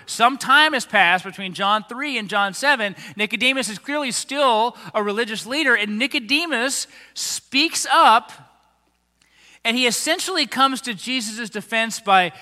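A pastor preaching a sermon, animated and acting out the lines of people in the story he tells. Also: extremely high pitch, normal speed. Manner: animated, acts out quoted voices of the crowds and leaders. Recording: long hall reverb.

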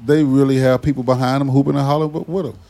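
A man's voice: mid-range voice, flat delivery, racing, warm tone. Man, mid voice, loose and teasing, lots of fillers. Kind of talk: casual podcast chat.

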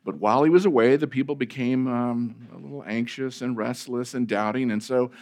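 A male pastor preaching a sermon in a conversational way, with fillers and restarts, stressing key phrases and letting sentence ends trail off quietly. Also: mid-range voice, a little fast.

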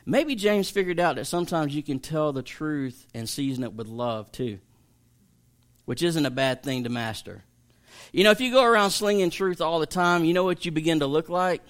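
A man, a pastor teaching an evening Bible study in a chatty, emphatic way that jokes with listeners. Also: medium pitch.

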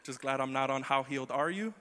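A man preaching a sermon in a conversational, humorous way, moving between quiet asides and emphatic lines. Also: medium pitch, fast talker. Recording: long hall reverb.

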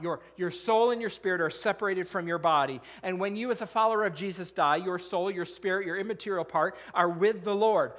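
Middle-aged male pastor, high voice, earnest sermon delivery with rhetorical questions. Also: a bit bright. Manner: earnest, quotes scripture, asks rhetorical questions.

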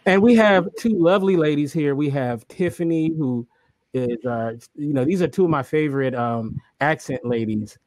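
A man's voice: fairly high pitch, moderate pace, a little mellow, no room sound. A man hosting a casual livestream chat, laid-back and slangy, laughing often. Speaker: host.

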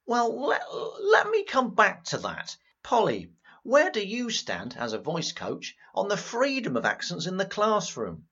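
An actor playing a jolly, easily flustered host chairing a studio panel. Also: male voice, high-pitched, unhurried, breathy edge, lo-fi sound, full character voice. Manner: jolly, flustered, lively intonation. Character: genial male radio host chairing a panel.

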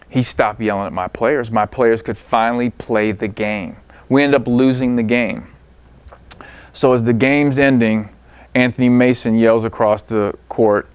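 A man, a basketball coach, telling a story in an animated way and acting out quotes in his own voice. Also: medium pitch, clean tone, no room sound.

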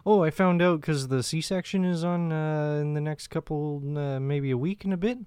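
A man's voice: on the high side, moderate pace, a little mellow, clear, resonant tone, no echo, clean studio sound. A young man co-hosting a comedy podcast, laughing often through crude casual banter. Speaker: podcast co-host.

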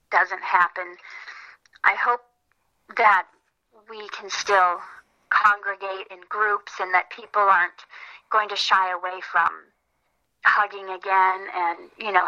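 Woman guest, light youthful tone, very bright, earnest storyteller, lo-fi call sound. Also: medium pitch. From Minnesota. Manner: earnest, animated storytelling with frequent laughs. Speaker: interview guest, filmmaker and actress. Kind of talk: casual interview chat.

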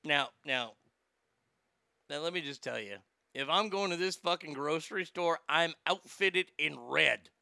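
Gravelly high-voiced sarcastic male host. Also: measured pace, sharp tone, no room sound, clean studio sound. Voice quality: rambling, sarcastic, stammering. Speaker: comedy show host. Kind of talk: profane comic rant.

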